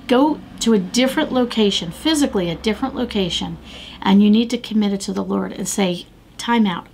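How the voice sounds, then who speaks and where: A middle-aged American woman hosts a devotional podcast, her medium-pitched voice carrying a slight hiss or hum. She speaks earnestly, urging listeners on with repeated phrases.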